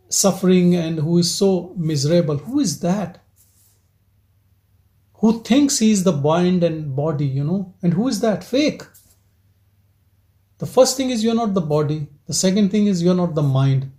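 A man gives a reflective spiritual talk as satsang teacher, probing listeners with repeated rhetorical questions in a gentle teaching tone. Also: high-pitched.

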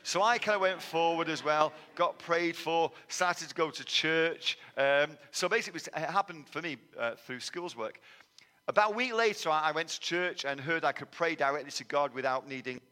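A man's voice: fairly high pitch, normal speed, pushed and bright. A man from England with a Manchester accent, giving a sermon testimony in a conversational, self-deprecating storytelling manner. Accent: Manchester English. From England, raised in Manchester. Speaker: guest preacher. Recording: long hall reverb.

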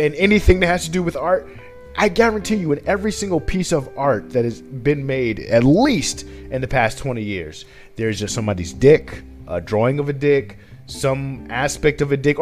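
A man co-hosting a podcast, chatting casually in a blunt, profane way. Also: on the high side. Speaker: podcast co-host. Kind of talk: casual chat.

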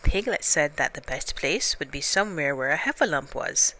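A woman reading a children's story aloud in a gentle, unhurried way. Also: deep voice, animated.

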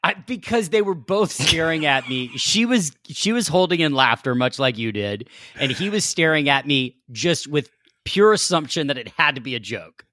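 A man's voice: a little high, animated, moderate pace, sharp tone, dry recording. A man guesting on a podcast, chatting casually and telling stories with a laughing, self-deprecating manner. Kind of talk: casual chat.

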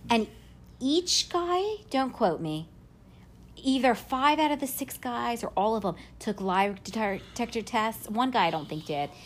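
A woman podcast host retelling a story in casual chat, haltingly, with fillers and self-corrections. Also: on the high side, expressive.

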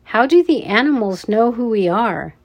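A woman's voice: expressive, normal speed. A woman voicing a young boy scout, frightened but brave, speaking in a raised, urgent voice. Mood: nervous. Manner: urgent, high-pitched.

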